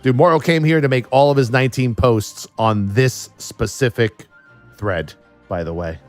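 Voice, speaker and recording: A man's voice: medium pitch, normal speed, faint music behind. Profane sarcastic man streaming. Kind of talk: casual live-stream chat.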